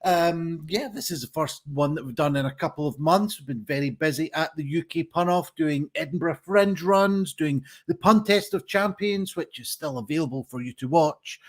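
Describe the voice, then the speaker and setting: A man's voice: on the high side, moderate pace, few pauses. A man hosting a live online pun contest over a video call, chatty and rambling with many fillers. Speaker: host. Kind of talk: casual live stream hosting.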